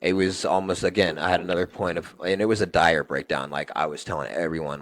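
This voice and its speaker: A young man, a podcast guest, telling stories in animated, slangy casual chat and swearing freely. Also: deep voice, fast talker, few pauses.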